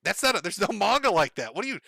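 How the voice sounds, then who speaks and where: A man doing a bewildered, profane buddy who can't believe what he's hearing, pitched a bit higher than an ordinary talker. The delivery is lively and exasperated, with a bright edge. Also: fast talker, creaky, no room sound, studio quality, heavily acted. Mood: incredulous. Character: incredulous male friend scolding a weirdo.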